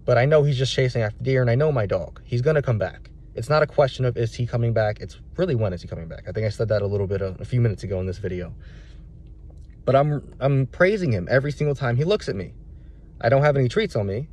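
A man's voice: mid-range voice, lively intonation, fast, darkish tone. Candid rambling man telling a dog story. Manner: rambling, candid, many restarts and fillers. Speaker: dog trainer. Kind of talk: casual vlog storytelling.

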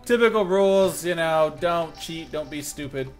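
A young man talks through a video game in a casual, joking commentary, often breaking into sudden loud yelps of alarm. His voice sits a little high, and faint background music plays underneath him. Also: moderate pace. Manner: excitable and self-mocking, jumps to loud outbursts. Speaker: gaming channel host.

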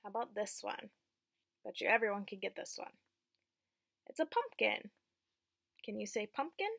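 A young woman teaching a preschool phonics lesson, slow and encouraging, asking children to repeat after her. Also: mid-range voice, vocal fry, fairly bright tone, no room sound, clean studio sound.

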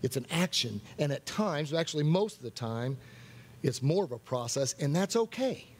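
A man's voice: a little high, very animated, normal speed, a little mellow, slight background noise. A man preaching at a worship night, earnest, repeating key phrases for emphasis. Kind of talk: sermon.

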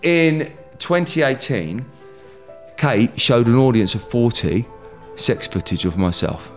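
A man's voice: mid-range voice, lively intonation, slow, faint music behind. A middle-aged man from England, a guest in an interview, talking candidly with emphatic, heated bursts and jokey asides.

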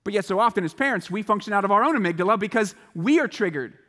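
Man, chapel speaker, high voice, bright tone, lively storytelling, long hall reverb. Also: fast talker. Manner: animated, acts out quoted voices. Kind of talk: motivational chapel talk to students. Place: large school chapel hall.

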